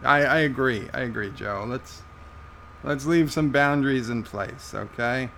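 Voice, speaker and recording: An American man hosting a casual live stream, reading chat messages aloud in an amused, halting way. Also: mid-range voice, vocal fry, a bit bright, a little hiss or hum. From United States. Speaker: livestream host reading chat.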